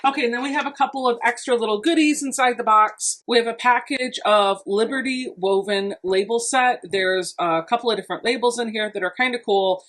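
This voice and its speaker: A woman's voice: a little high, brisk, few pauses, fairly bright tone. A woman quilting vlogger giving a chatty, enthusiastic unboxing walkthrough, thinking aloud as she goes. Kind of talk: casual unboxing narration.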